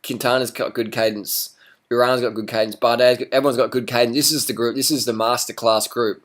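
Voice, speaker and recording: Man, mid-pitched, casual and blunt, salty language, for off-the-cuff race commentary. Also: a bit bright. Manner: blunt, swearing, teasing. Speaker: cycling commentator. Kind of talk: casual video commentary over race footage.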